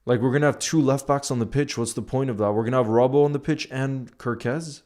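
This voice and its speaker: A man hosting a live football watchalong, talking casually and bursting into excited outbursts, his voice going hoarse. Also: mid-range voice, fast. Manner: excitable, swings from calm analysis to loud outbursts. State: losing his voice. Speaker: football fan streamer reacting live. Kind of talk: live match watchalong chat.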